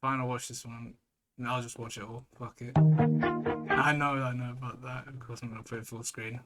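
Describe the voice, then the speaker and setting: A man's voice: medium pitch, little pitch movement, moderate pace, over loud music, poor audio. A man hosting a racing league stream, talking casually, swearing freely and rambling with restarts. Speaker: league race stream host and commentator. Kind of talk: casual live-stream commentary.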